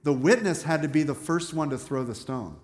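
A man's voice: on the high side, animated, a little fast, a little mellow. A man preaching a sermon as a pastor, talking conversationally and asking the congregation questions. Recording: echoey hall with long reverb.

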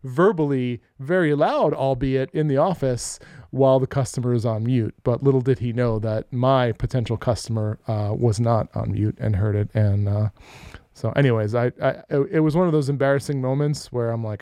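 A man's voice: mid-range voice, moderate pace, no echo, studio quality. A middle-aged man co-hosting a podcast, telling stories in casual chat, cursing freely and acting out the quotes. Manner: profane, animated storyteller acting out quotes. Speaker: podcast co-host.

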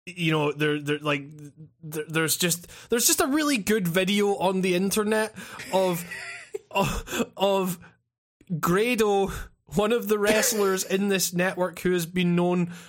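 A laid-back man chats casually, cursing and laughing along with his co-host. He talks slowly, in a notably high-pitched voice. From Scotland. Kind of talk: casual chat.

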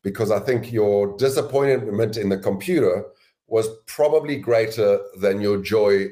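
A man being interviewed as a guest author and sales educator, giving measured, deliberate explanations. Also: on the low side, warm tone. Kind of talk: interview answers.

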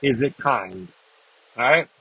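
A man's voice: medium pitch, expressive, slow, pushed and bright, husky, poor audio. A man hosting a recovery podcast, talking freestyle in a blunt, casual way, swearing and checking in with "right?" as he goes. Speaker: podcast host.

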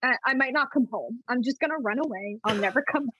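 A young woman, a podcast guest, telling family stories in a casual, animated way and laughing often. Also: a little high, fast talker, husky, dry recording. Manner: giggly, animated storytelling. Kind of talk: casual chat. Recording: dull lo-fi sound.

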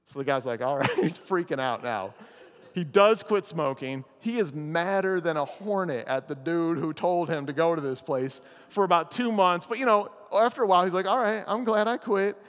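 Animated pastor preaching in a hall. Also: male voice, a little high, normal speed. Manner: animated storyteller, acts out characters' lines. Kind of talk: chapel sermon with storytelling. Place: chapel or meeting hall.

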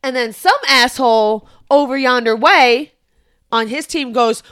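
A young woman co-hosting a podcast, telling a story in casual chat, animated and profane. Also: a little high, measured pace, smooth. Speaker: podcast co-host.

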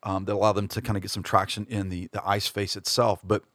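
Male podcast host, low voice, casual musing delivery with lots of ums and restarts, dry recording. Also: little pitch movement, quick pace, fairly bright tone, no echo. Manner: hesitant, many fillers and restarts. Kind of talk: casual reflective monologue.

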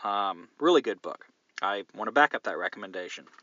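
Lively, bright-voiced male podcast host. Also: on the low side, brisk, highs cut off. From Southern United States. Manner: profane, wry joking asides. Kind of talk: casual podcast, reading listener mail.

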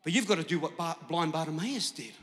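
High, bright-voiced pastor preaching loudly. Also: male voice, fast. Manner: impassioned preaching, shifts from hushed to shouting. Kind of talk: sermon. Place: large church hall. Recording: church hall with long reverb.

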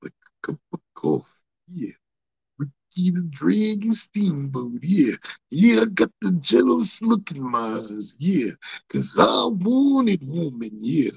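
A man doing a gravelly, growling wrestling braggart. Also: sits high, sing-song, no echo, muffled recording, heavily acted. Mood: boastful. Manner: drawn-out boasts ending in rasped "yeah". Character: swaggering male wrestling star, growling catchphrases.

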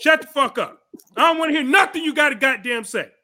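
Angry high-voiced man ranting. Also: fast. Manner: angry, shouting, profane ranting. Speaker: podcast host. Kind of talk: heated political commentary.

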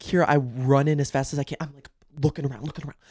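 A woman hosting a casual podcast chat in a bathroom, telling stories in animated bursts. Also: a bass voice, very fast, breathy edge, no echo, clean studio sound. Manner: animated storytelling with bursts of exclamation. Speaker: podcast host.

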